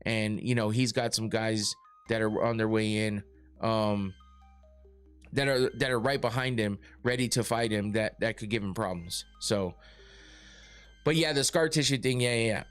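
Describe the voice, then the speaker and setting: A man's voice: fairly low pitch, normal speed, fairly bright tone, clear, resonant tone, faint music behind. A man hosting a casual podcast, rambling through his points with lots of fillers, restarts and swearing. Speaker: podcast host reading live chat.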